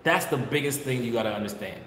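A man's voice: mid-range voice, lively intonation, fast talker, fairly bright tone. A man who breeds dogs, talking casually and bluntly, scolding viewers and repeating his points. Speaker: dog breeder. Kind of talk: casual vlog talk. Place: kennel with dogs barking behind. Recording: echoey room, noisy background.

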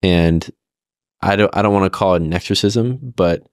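A young adult man co-hosting a podcast, telling his side of a story in a relaxed, earnest way with a few stammered restarts. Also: low voice, normal speed, no room sound, clean studio sound. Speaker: podcast co-host. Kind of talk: casual conversational storytelling.

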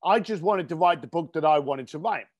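A middle-aged East London man, a guest entrepreneur and author, tells stories in a casual interview. His voice is fairly high and a little fast, and his delivery is blunt and emphatic.

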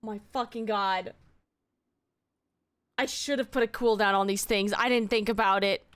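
Young woman streamer, high bright voice, exasperated and swearing, dry close mic. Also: fairly even intonation, measured pace, smooth, no room sound. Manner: exasperated, swearing, yelling at chat. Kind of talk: live game streaming.

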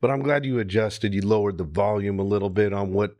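A man's voice: on the low side, fairly quick, darkish tone. A man hosting a casual interview, friendly and easygoing, calling the guest bro. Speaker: interview host.

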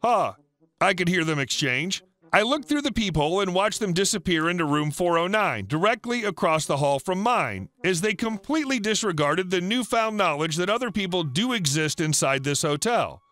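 A man reading a first-person story aloud as a scripted narration, in a flat deadpan storytelling manner. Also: sits high, normal speed, no room sound.

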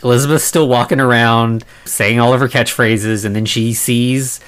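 A man's voice: medium pitch, steady tone, moderate pace, fairly bright tone, smooth. A man co-hosting a podcast, recapping a movie in casual chat, rambling loosely and chuckling often. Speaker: podcast co-host.

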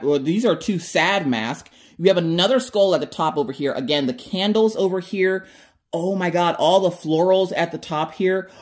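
A woman hosting an unboxing vlog, chatty and excitable, talking straight to her viewers. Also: on the low side. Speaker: craft channel host.

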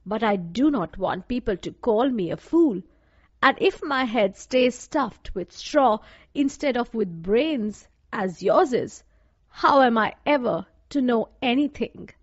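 A woman voicing a gentle, friendly male scarecrow who speaks slowly and earnestly in a storybook reading. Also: a little high, animated, breathy edge, dry recording, full character voice. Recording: dull dry lo-fi recording.

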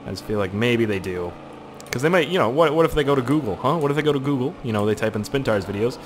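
A man's voice: mid-range voice, lively intonation, fast talker, noisy background. A young man from Canada talking casually over a game, rambling and crude, swearing often, with an irritated throat. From Canada, Nova Scotia. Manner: puts on silly voices for quoted people. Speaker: gaming video host. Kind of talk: casual gameplay commentary.

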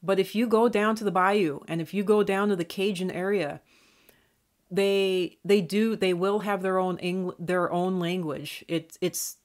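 A YouTube channel host from northern Minnesota talks in a digressive, rambling monologue full of restarts and fillers. Her faint Minnesotan accent has worn down to a mostly neutral American sound, and her mid-range voice is steady and a little slow.

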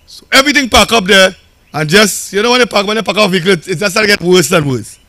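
A Trinidadian man addresses a campaign rally as a local council chairman. His voice is high and bright, recorded dry and close. He talks in a loose, storytelling way and repeats phrases for effect. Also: fast, no room sound.

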